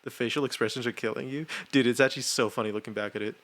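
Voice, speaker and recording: A man's voice: mid-range voice, steady tone, rapid-fire, a bit bright. A young man streamer chatting casually and self-mockingly in a rambling way, laughing often. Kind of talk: casual livestream chat.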